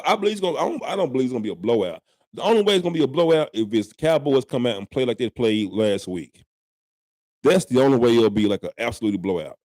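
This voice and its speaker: Young male streamer, lively swinging pitch, dry close sound, playful trash talk. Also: dry recording. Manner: animated trash talk, drawling repeats. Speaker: live-stream host, sports fan. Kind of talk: casual live-stream banter.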